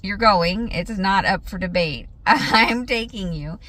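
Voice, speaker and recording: A woman's voice: mid-range voice, slow pace, bright, forceful tone. A woman vlogging in a chatty storytelling way, laughing often and acting out what was said. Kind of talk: casual vlog chat.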